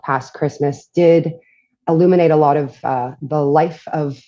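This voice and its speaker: A woman's voice: low voice, fairly even intonation, measured pace, warm tone, highs cut off. A woman from Montreal in her thirties, a podcast guest chatting casually with dry, self-mocking humor. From Montreal, Canada. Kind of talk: casual chat.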